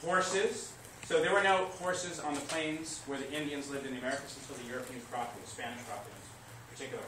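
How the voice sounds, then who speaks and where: A man teaching history to a class, lively, asking questions and answering them himself. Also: mid-range voice, fairly quick. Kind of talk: classroom lecture. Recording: echoey classroom recorded from far off, noisy.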